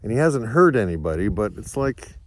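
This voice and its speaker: A man's voice: lowish voice, very animated, fairly quick, slight background noise. Rambling farmer man outdoors. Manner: rambling, reflective, talks to his dogs. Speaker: sheep farmer. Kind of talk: casual vlog monologue. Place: outdoors on a snowy farm.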